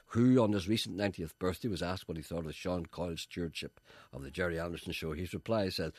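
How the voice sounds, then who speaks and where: A man's voice: sits low, fast talker, no room sound, studio quality. A man hosting a radio show, teasing his co-host with wry, mock-grand comic banter.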